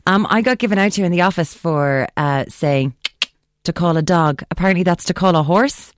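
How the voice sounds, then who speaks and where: An Irish woman hosts a radio phone-in in a playful, chatty way. Her voice sits fairly low for a woman. The studio sound is dry and close. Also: no room sound. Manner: playful, chatty, quick to laugh. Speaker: radio host. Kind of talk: casual radio chat.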